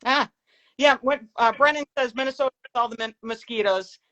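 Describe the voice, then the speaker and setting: A woman co-hosting a casual livestream chat, chatty and laughing often, slowing down to explain words. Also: a little high, a bit bright, muffled recording. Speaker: co-host of a fan livestream.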